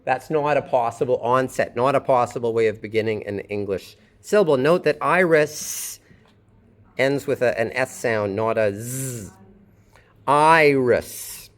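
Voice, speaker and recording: A man's voice: mid-range voice, moderate pace. A man teaching a phonetics lesson, explaining pronunciation patiently and thinking aloud as he goes. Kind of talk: phonetics lecture.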